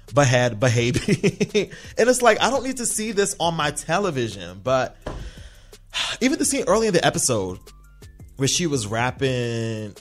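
A man hosting a podcast, recapping a TV episode in a casual, sassy monologue, often slipping into mocking voices. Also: mid-range voice. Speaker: podcast host.

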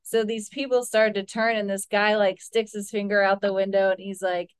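A woman co-hosting a podcast in casual chat, easygoing and quick to laugh. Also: medium pitch, level tone, clear, resonant tone. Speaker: podcast co-host.

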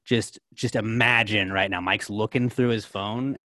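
Rambling young podcast host, dry sound. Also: male voice, fairly low pitch, fairly even intonation, unhurried, bright, forceful tone, no room sound. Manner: rambling, filler-heavy, lots of "like". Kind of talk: casual chat.

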